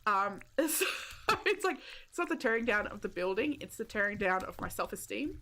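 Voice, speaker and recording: Her medium-pitched voice is sing-song, pushed, and bright, moving at a moderate pace. While streaming a game, this woman chats casually with her viewers, pokes fun at herself, and laughs a lot.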